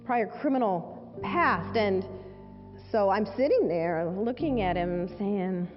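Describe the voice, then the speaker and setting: A woman's voice: mid-range voice, lively intonation, slow pace. A woman, a civil rights lawyer, giving a public speech and telling a personal story with emphasis, repeating key phrases. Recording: echoey hall, dull sound, faint music underneath.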